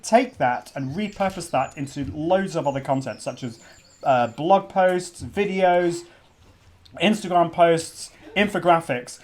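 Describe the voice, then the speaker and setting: A man's voice: on the high side, a little mellow. A middle-aged man hosting a live stream launch party, chatty and prone to restarts. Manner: chatty, restarts often, interrupted by kids. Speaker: podcast host. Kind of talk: casual livestream talk.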